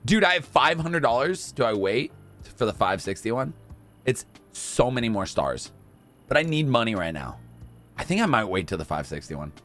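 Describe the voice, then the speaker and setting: A young man giving casual gameplay commentary, talking to himself and to in-game customers, swinging from mumbles to shouts. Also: mid-range voice, big pitch swings, moderate pace, faint music behind. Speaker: gaming YouTuber.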